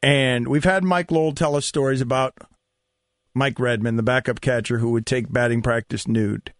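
A man hosting sports talk radio, an animated storyteller who acts out quoted lines. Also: medium pitch, normal speed, dry recording, clean studio sound.

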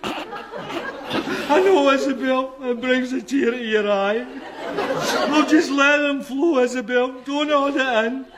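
An actor with a Scottish accent playing a cocky, sentimental young neighbour in a sitcom who boasts about himself. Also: male voice, very high-pitched, slow, crowd noise.

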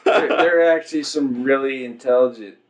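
A man's voice: mid-range voice, brisk, slight background noise. A man in crude comedic banter, profane, laughing often.

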